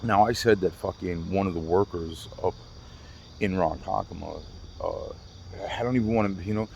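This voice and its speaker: A low, gravelly man rants through a casual vlog, cursing constantly and circling back on his own sentences. His voice is deep and rough with fry, and a faint hiss sits behind him outdoors at night, with crickets chirping. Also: moderate pace, a little mellow, dull audio. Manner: profane, restless, repeats himself. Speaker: vlogger. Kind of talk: rambling casual storytelling.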